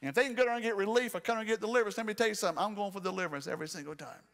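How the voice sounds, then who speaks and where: A man's voice: high-pitched, rapid-fire, a bit bright, long reverb tail. A man preaching a fervent midweek sermon as pastor, calling out to his congregation. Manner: fervent, call-and-response preaching. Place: church sanctuary.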